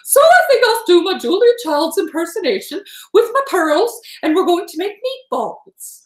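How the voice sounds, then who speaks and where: A woman doing a grand old TV cook, high and showy. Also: big pitch swings, moderate pace, echoey room. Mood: playful.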